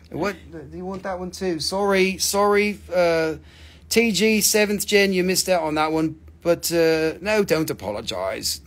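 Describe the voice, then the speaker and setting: Speaking at a measured pace in a high voice, an Appalachian man hosts a mineral sale on a live stream. His selling is casual, rambling and full of jokes and free cussing.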